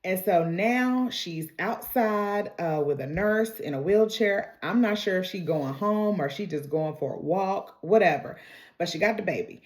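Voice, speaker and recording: A woman's voice: lowish voice, measured pace. Chatty woman recapping a show. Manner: animated, slangy, chatty storytelling. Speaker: vlogger recapping a TV episode. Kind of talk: casual recap and reaction.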